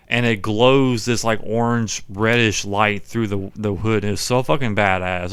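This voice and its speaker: A man's voice: on the low side, fairly bright tone, smooth, no room sound. A young man co-hosting a podcast, casually retelling movie scenes with plenty of "like" and swearing. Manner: laid-back storytelling, swears, fills with "like". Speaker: podcast co-host. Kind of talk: casual movie recap chat.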